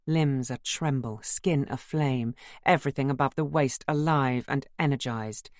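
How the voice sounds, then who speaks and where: A narrator giving a measured, literary first-person audiobook reading. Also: male voice, mid-range voice, dry recording, clean studio sound.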